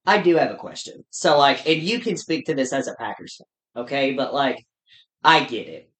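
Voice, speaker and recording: A man with a mid-pitched voice chats on a sports podcast. He talks in an easygoing way and throws questions to his co-host. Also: animated, normal speed, fairly bright tone. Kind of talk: casual sports chat.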